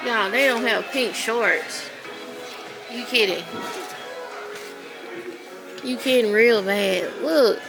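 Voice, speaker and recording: Excitable woman vlogging over music. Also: fairly high pitch, takes it slowly, vocal fry, pauses often, low-quality recording. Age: late 30s. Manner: chatty, excitable, addresses viewers as y'all. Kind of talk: casual vlog chat. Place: outdoors, then inside a discount store. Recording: music playing behind her.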